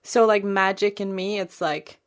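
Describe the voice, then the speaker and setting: A woman's voice: mid-range voice, steady tone, unhurried. Chatty woman podcaster. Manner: chatty and rambling, with frequent fillers. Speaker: podcast co-host. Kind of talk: casual podcast chat.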